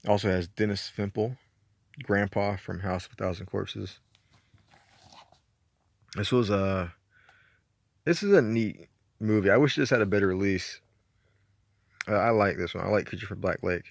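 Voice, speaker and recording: A man's voice: on the low side, moderate pace, creaky, long pauses. A man with a Southern accent from Georgia, chatting casually and rambling through his movie collection, laid-back and a bit profane. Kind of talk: casual chat.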